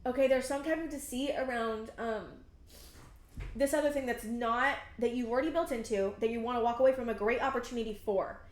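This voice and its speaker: A tarot reader in her thirties works through a pick-a-card reading, her slightly high voice rambling earnestly with frequent fillers and restarts as she hunts for meaning. Emotion runs high, bringing her close to tears at times. The room sounds bare, leaving a noticeable echo.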